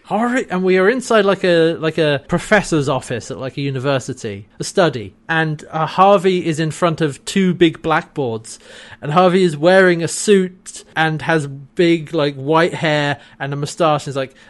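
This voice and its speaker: A man co-hosting a podcast in casual chat, retelling a TV episode with lots of laughter and quick character impressions. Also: a little high. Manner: animated retelling, acts out character lines, laughs often. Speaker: podcast co-host recapping a TV episode.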